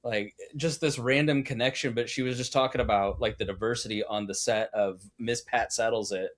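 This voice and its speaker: A young adult man co-hosting a podcast in casual chat, chatty and quick to laugh. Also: medium pitch, fairly even intonation. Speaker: podcast co-host.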